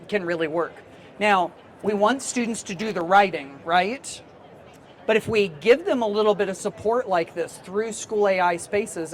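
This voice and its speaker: A man's voice: sits high, slight background noise. A man giving a live conference workshop talk in a casual, chatty way, laughing easily as he talks to the room. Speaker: teacher trainer and conference presenter.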